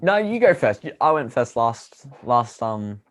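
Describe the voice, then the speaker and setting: A man's voice: medium pitch, sing-song, a little slow. A young man co-hosting a casual sports podcast, laid-back and chuckling, trailing off into fillers. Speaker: podcast co-host.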